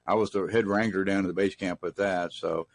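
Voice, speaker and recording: A man's voice: low-pitched, steady tone, a little fast, vocal fry, slight background noise. A middle-aged man from Texas, telling rambling, folksy stories as an interview guest. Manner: rambling, folksy anecdotes with restarts. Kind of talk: casual storytelling in an interview.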